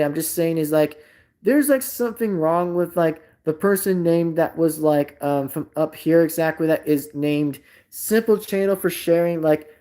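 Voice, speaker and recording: Mellow-voiced man ranting on a live stream. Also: a little high. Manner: rambling and repetitive, swearing indignantly. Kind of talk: casual live stream chat.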